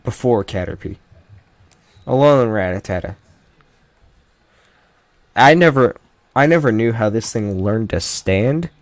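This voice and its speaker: Slow-talking man in casual commentary. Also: lowish voice, expressive, no echo. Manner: rambling, jokey, trails off mid-sentence. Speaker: YouTuber ranking Pokémon.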